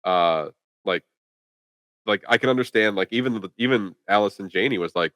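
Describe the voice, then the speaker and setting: A man's voice: fairly low pitch, normal speed, a bit bright, no echo. A man co-hosting a podcast, chatting casually about a film in a rambling way full of "like". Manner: rambling, filler-heavy with lots of "like". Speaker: podcast co-host. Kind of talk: casual chat, movie review.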